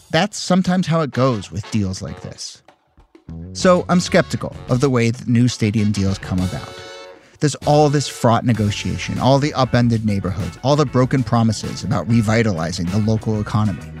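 A man's voice: mid-range voice, a little mellow. A man hosting a podcast, narrating in a wry, conversational and skeptical way. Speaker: podcast host. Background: faint music.

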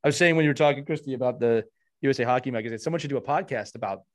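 A man's voice: mid-range voice, racing. Guy hosting a hockey podcast, chatty, keeps restarting his sentences. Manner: warm, rambling, many restarts. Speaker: podcast host. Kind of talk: casual podcast chat.

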